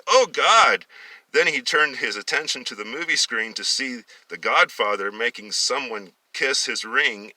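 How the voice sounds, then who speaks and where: A man reading a story aloud with a sharp, forceful tone, often tripping over words and starting phrases again. He sits a little away from the mic in a dry, dead-sounding space. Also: mid-range voice, dry recording, distant mic, poor audio. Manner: stumbles and restarts, corrects himself. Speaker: story reader.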